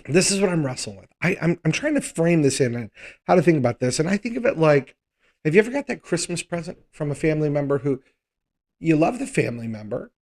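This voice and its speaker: A man's voice: on the high side, darkish tone. Conversational man teaching Bible study. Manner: conversational, thinks aloud, frequent rhetorical "right?".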